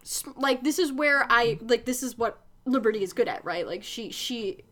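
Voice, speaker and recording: A woman co-hosting a podcast, recapping a TV episode in casual, animated chat, with lots of swearing and filler words. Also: fairly high pitch, normal speed. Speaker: podcast co-host.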